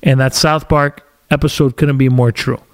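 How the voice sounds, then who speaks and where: A man's voice: mid-range voice, fairly even intonation, moderate pace. A man hosting a podcast from a studio, delivering an agitated, sarcastic opinion monologue. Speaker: podcast host.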